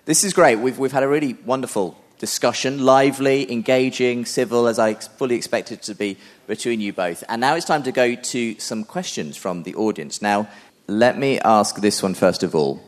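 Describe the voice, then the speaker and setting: A man moderating a live debate, courteous and halting, often stumbling over his words. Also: medium pitch.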